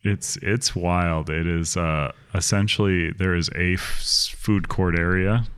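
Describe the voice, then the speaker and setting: Deep-voiced laid-back man. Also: steady tone, unhurried, a bit bright, clear, resonant tone. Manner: laid-back, dry, plays along. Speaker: podcast co-host. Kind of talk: casual chat.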